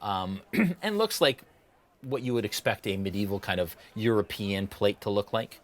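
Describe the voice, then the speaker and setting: A man running a tabletop game as dungeon master, narrating with animated energy. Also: lowish voice, normal speed.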